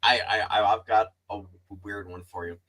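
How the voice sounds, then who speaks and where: A man's voice: on the low side, fairly even intonation, moderate pace, pushed and bright, poor audio. A man on a podcast panel, telling stories animatedly in casual chat and swearing freely.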